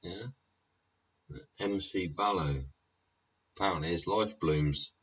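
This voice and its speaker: Deep, slow, swearing man. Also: a bit bright, slight background noise. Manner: rambling, profane, keeps tagging lines with "yeah?". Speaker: YouTube show host. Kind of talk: sweary ranting monologue. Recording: dull lo-fi recording.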